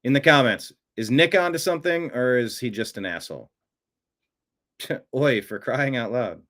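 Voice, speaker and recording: A man's voice: medium pitch, expressive, measured pace, fairly bright tone. A male show host commenting on played clips in a casual, conversational way and reading out viewer comments.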